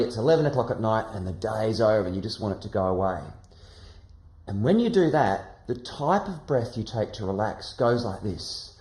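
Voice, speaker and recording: A man teaching a singing lesson, coaching calmly and gently and demonstrating relaxed sighs. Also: fairly low pitch, echoey room. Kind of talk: guided vocal lesson.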